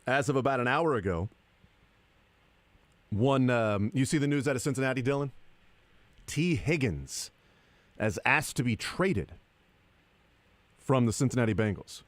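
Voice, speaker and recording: A man hosts a sports talk radio show with a sarcastic, deadpan delivery. His voice sits at an ordinary middle pitch. The studio sound is close and dry, with no room echo. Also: measured pace, long pauses. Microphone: studio microphone.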